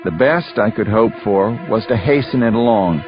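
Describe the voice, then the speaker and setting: A man narrating an audiobook in the first person, measured and grave. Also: on the low side, lively intonation, soft background music. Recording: dull, muffled dry recording.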